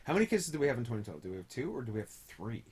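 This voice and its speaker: A man's voice: medium pitch, very animated, very fast, husky. A man co-hosting a podcast, chatting casually with a joking, irreverent manner and frequent laughs. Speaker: podcast co-host. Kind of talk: casual chat.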